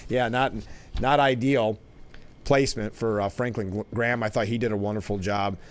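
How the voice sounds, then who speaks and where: A man's voice: fairly low pitch, fairly even intonation, moderate pace. A man hosting a talk show, giving casual political commentary in a conversational way, with restarts and asides. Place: broadcast studio.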